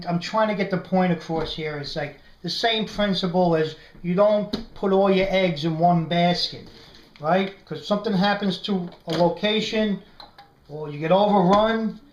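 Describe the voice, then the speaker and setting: Casual New York male vlogger, chatty, keeps checking in with listeners, echoey room with faint hiss. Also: high-pitched. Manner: chatty, says "right?" constantly, animated storyteller. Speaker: prepping video host. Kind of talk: casual how-to vlog.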